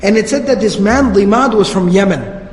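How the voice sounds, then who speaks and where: A man's voice: sits high, moderate pace. A man telling religious history stories in a casual, conversational lecture with slangy asides. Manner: conversational, slangy, animated storytelling. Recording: reverberant hall.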